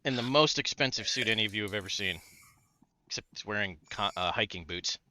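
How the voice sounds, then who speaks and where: A man's voice: fairly low pitch, expressive, a little fast, bright, forceful tone, no room sound. A man narrating a tabletop game as game master, describing scenes in an easygoing way with fillers.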